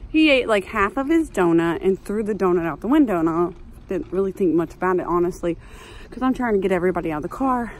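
A woman, telling a story in a chatty, animated vlog while walking outdoors. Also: medium pitch, quick pace. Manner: chatty, animated, exclaiming, says "like" often. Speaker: mom vlogger.

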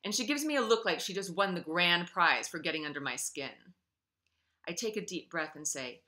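A woman author reading her own novel aloud in an expressive way, then speaking casually to her listeners. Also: fairly low pitch, moderate pace.

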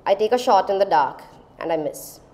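A woman, telling a personal story on stage in a dramatic, measured way. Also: medium pitch, animated, mellow. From India. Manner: dramatic, measured, lingering on phrases. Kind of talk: live storytelling performance.

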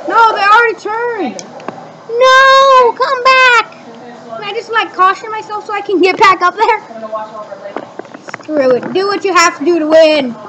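A very high-pitched woman talks through a racing game in loose, casual commentary. She is excitable and bursts into shouts and curses at the other drivers. A faint hiss of noise sits under her voice. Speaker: gaming channel host. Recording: light background noise.

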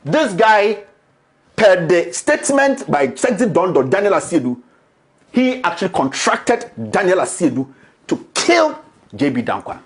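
A man's voice: high voice, sing-song, measured pace. A Ghanaian man with a Ghanaian accent, giving a defiant public statement and switching between English and Twi.

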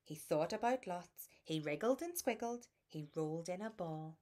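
A woman reading a children's bedtime picture book aloud in a soft, soothing, lilting way. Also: fairly low pitch, expressive, normal speed, background noise. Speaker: storybook reader.

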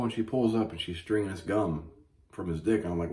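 A man hosting a comedy show, ranting crudely and profanely with mock outrage and animated storytelling. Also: low-pitched, fairly quick. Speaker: comedy podcast host. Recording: echoey room.

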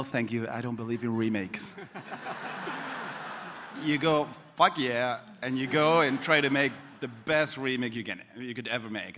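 A man, as a film director on a panel and telling a relaxed story full of fillers and acted-out quotes. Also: mid-range voice, a little hiss or hum. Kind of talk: casual anecdote on a panel. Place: large convention hall, live panel. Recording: echoey convention hall.

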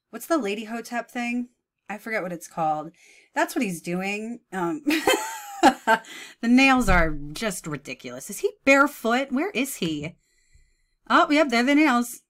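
A woman's voice: fairly high pitch, sing-song, a little slow, a bit bright. A woman in her thirties giving mocking, sarcastic reaction commentary, often breaking into laughs. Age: 30s.

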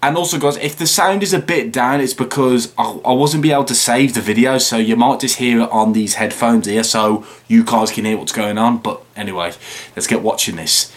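A tired man hosting a video reaction, rambling and chatting with frequent excited remarks and laughs. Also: mid-range voice, fairly quick. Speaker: reaction channel host. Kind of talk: casual video reaction commentary.

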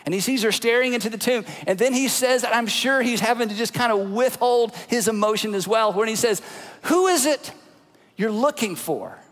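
A man preaching a sermon as pastor, telling the story with hushed, dramatic drops to a near whisper. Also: extremely high pitch, fairly quick, hardly any pauses. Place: church auditorium. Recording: large hall with long reverb.

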